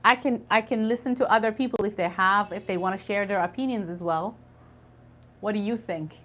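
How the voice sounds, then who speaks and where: A woman's voice: medium pitch, brisk, a bit bright. A woman teaching an online English conversation class, patiently spelling out words and drilling pronunciation.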